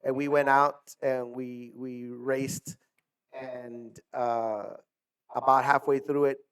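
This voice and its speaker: A man's voice: mid-range voice, level tone, slow pace, a bit bright, clean tone. A man and coach telling long casual stories, rambling with lots of filler words. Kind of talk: casual storytelling.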